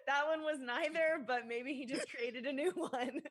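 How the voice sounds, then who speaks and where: A woman's voice: high voice, unhurried. A woman co-hosting a comedy stream, making wry remarks and giggling. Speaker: show host. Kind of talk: live stream hosting banter.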